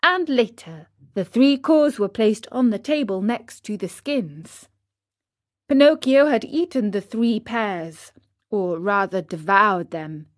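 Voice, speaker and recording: A woman narrating a children's story in a clear, unhurried scripted reading. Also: medium pitch, expressive, no echo, studio quality.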